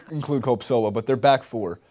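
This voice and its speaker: A man's voice: medium pitch, fast, mellow. A man co-hosting a casual sports chat, giving joking, offhand opinions on the players. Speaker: sports show co-host.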